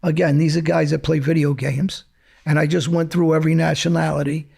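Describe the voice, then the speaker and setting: A middle-aged man, answering as an interview guest with a gruff, profane edge. His voice is gravelly and husky, pitched a touch high for a man. He talks bluntly and picks a fight. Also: flat delivery, fairly quick, a little mellow. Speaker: interview guest, former mobster.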